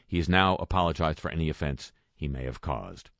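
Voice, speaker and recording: Man, very low voice, wry news commentary, sarcastic asides, dry close mic. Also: lively intonation, fairly quick, a bit bright, no room sound. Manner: dry, sarcastic asides between read quotes. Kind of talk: wry spoken news roundup.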